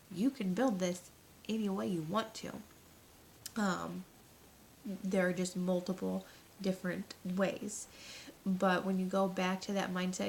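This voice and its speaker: A woman's voice: medium pitch, a little hiss or hum. A woman coaching on business mindset in a casual, earnest talk, chatty and full of fillers. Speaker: network marketing coach.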